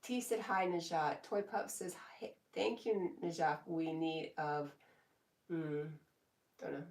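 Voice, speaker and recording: Woman streamer, low-voiced, relaxed and giggly, echoey room, slightly off mic. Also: recorded from a distance. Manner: slow, relaxed, laughs often between comments. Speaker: live streamer. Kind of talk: casual live stream chat, reading comments aloud.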